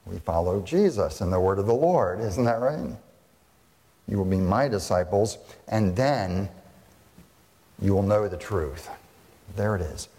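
A man's voice: fairly low pitch, a little mellow, in a large hall. A man, a pastor, preaching a sermon and putting rhetorical questions to his congregation.

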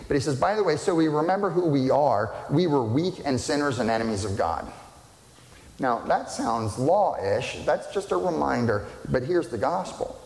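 A male pastor preaching with emphasis, repeating words and firing questions at the congregation. His voice sits at an ordinary middle pitch. It carries through a large church hall that rings with long reverb. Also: a little mellow. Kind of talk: sermon. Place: church sanctuary.

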